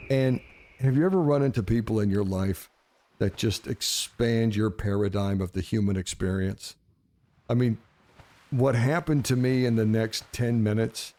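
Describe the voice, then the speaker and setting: A man telling a wild story in a casual, animated, swearing style, often laughing. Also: mid-range voice.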